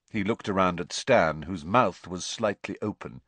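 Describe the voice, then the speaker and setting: A man narrating an audiobook in an expressive storytelling manner. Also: sits low, normal speed, no room sound.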